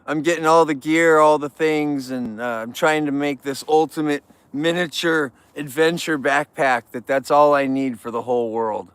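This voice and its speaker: A man's voice: a little high, fairly even intonation, moderate pace, hardly any pauses, a bit bright, clear, resonant tone, dry recording. A man from California hosting a casual livestream, chatting and joking with viewers while trimming flowers. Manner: chatty, jokey, greets viewers. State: tired. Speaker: livestream host.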